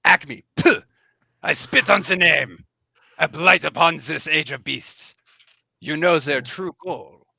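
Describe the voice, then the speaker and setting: A man's voice: on the high side, slow, gravelly, sharp tone, no echo, exaggerated voice. A man voicing a pompous male mouse knight in full plate, with a put-on upper-class English accent and a courtly, blustering manner. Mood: scornful.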